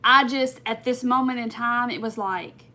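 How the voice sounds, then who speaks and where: A woman with a drawl tells a long story on her crafting livestream, rambling and emphatic as she talks straight to her viewers. Her voice sits a touch high and rings bright. She keeps working on her craft as she talks. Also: normal speed. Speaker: crafting channel host.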